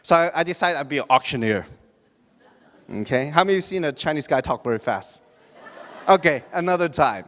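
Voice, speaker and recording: High-voiced man working a crowd. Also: lively intonation, brisk, pauses often, fairly bright tone. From Hong Kong. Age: 40s. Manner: joking, asks the audience questions, frequent restarts and fillers. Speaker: motivational speaker at a business event. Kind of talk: motivational stage talk. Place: large hall before an audience. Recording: reverberant hall.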